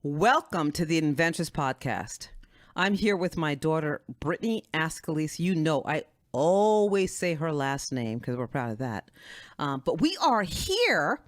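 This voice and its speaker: A woman's voice: low voice, very animated, unhurried. A woman hosting a podcast, effusive and affectionate, laughing often. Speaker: podcast host. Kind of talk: casual podcast chat.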